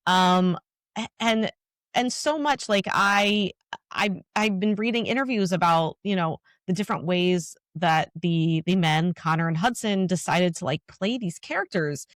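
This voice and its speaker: A woman co-hosting a podcast in casual chat, speaking enthusiastically but haltingly with many restarts. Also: fairly low pitch, dry recording, studio quality. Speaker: podcast co-host.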